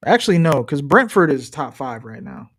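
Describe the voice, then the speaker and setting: A man's voice: on the high side, big pitch swings, normal speed, fairly bright tone. A young man chatting loosely and joking as he streams his reactions to a football match. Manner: loose, joking, trash-talking. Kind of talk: casual live-stream commentary.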